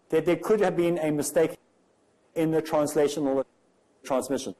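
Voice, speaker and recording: A man delivers a comparative religion lecture, pressing his points with rhetorical questions. His voice sits somewhat high for a man but sounds warm and mellow rather than bright. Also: rough recording. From South Africa. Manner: rhetorical, emphatic, many questions.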